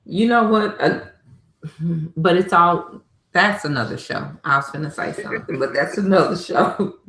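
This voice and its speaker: A woman's voice: lowish voice, animated, moderate pace, a bit bright, reverberant, poor audio. A woman co-hosting a podcast, chatting casually and scolding her co-host in exasperation, with bursts of laughter. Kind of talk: casual chat.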